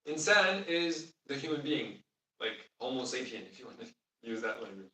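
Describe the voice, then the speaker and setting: A man's voice: medium pitch, sing-song, moderate pace, sharp tone. A man teaching a class on the Arabic of the Quran, explaining patiently and asking the students questions. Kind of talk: classroom lesson. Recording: roomy sound from far off.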